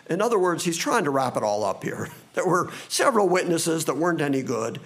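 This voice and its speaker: A man preaching a sermon, reading scripture slowly and dramatically, then speeding up for asides. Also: on the high side, very animated. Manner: slow and dramatic, quickening in asides.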